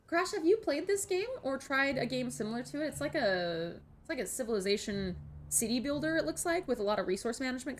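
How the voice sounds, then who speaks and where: A woman's voice: high-pitched, slight background noise. A woman streaming a game, chatting casually and thanking viewers by name. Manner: chatty, thanks chat members warmly. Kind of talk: casual gameplay commentary.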